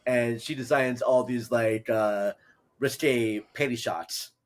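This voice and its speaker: Man, podcast host, from Minnesota, casual rambling chat, mid-pitched voice. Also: steady tone. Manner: rambling, halting, restarts with many fillers.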